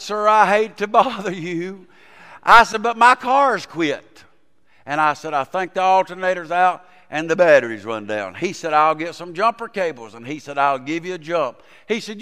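A man's voice: high-pitched, a bit bright, clean tone. A man, a pastor preaching a sermon and telling a folksy story, rising to fervent preaching. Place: church sanctuary. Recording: reverberant church hall.

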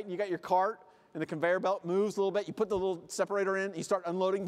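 Guy giving a funny keynote talk, high voice, does silly voices, echoey convention hall. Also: quick pace. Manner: comic, acts out little scenes with funny voices. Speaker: keynote speaker. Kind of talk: motivational conference speech. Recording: live hall reverb.

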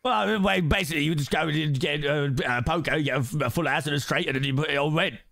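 A man's voice: on the high side, fast, creaky, fairly bright tone. A man putting on a brash Cockney male sheep character with a cheeky, mock-tough manner. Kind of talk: in-game role-play.

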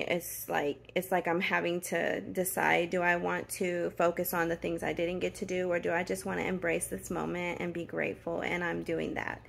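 Woman, forties, slow heartfelt vlog talk, gravelly. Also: on the low side. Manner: emotional, heartfelt, grateful. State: tired. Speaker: vlogger.

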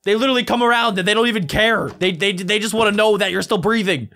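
A man giving casual, excitable and playful commentary while reacting to videos. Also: high voice, fast.

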